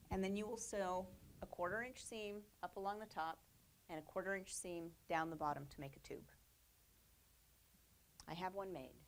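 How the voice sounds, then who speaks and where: A woman's voice: mid-range voice, slight background noise. A woman giving a chatty, upbeat studio demonstration as a quilting instructor. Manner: chatty, upbeat, with fillers and little laughs. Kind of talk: casual demonstration lesson.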